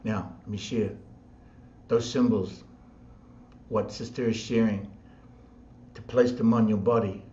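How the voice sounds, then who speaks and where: Slow repetitive New man, echoey. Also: lowish voice, steady tone, a little mellow. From New Zealand. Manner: slow, repetitive, chant-like phrasing. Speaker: spiritual teacher. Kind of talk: spiritual talk. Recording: dull sound in an echoey room.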